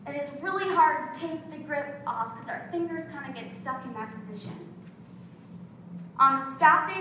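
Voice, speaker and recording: Woman pastor, high and bright, lively storyteller, very echoey sanctuary sound. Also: recorded from a distance, slight background noise. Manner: lively storytelling, acts out quotes. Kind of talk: sermon. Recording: very echoey hall.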